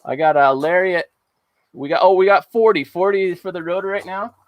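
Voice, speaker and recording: A man's voice: high-pitched, normal speed, dull audio, a little hiss or hum. A man hosting a casual live-stream auction, talking in an upbeat, rambling way with lots of fillers. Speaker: livestream auction host. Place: outdoors at home after rain.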